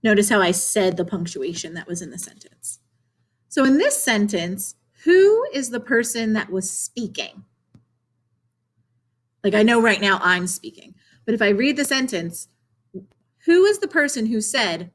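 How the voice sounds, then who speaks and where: A woman's voice: medium pitch, sing-song, unhurried. Encouraging woman teacher giving a lesson. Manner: clear, encouraging classroom delivery with questions to students. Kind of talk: remote video lesson for children.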